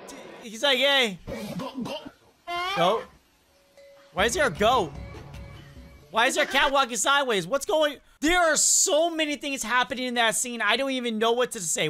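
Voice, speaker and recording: A woman's voice: high voice, moderate pace, long pauses, faint music behind. A young woman hosting a reaction video, chatting casually and exclaiming at funny clips. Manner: animated, exclaiming and questioning clips.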